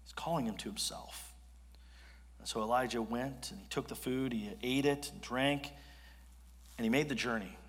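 A man preaching as pastor, telling the story with lively acted-out quotes. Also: mid-range voice, normal speed, long pauses, slightly rough. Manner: animated storyteller acting out quotes. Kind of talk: sermon. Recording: long hall reverb.

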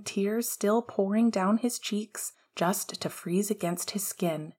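Hushed, husky woman narrating. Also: mid-range voice, takes it slowly, few pauses. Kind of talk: audiobook narration of fan fiction.

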